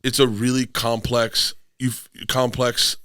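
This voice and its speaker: Middle-aged comic, loud rambling raconteur, bright forceful voice, swears freely, acts out quotes, dry close sound. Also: male voice, medium pitch, level tone, takes it slowly, clean tone, no echo. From Tampa, Florida. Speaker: podcast guest, comedian. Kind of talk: casual storytelling.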